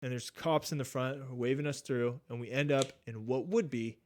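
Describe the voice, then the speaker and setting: A young man casually telling a travel story, animated and swearing often, acting out what people said. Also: mid-range voice, moderate pace. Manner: animated, swears a lot, acts out quotes. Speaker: podcast guest.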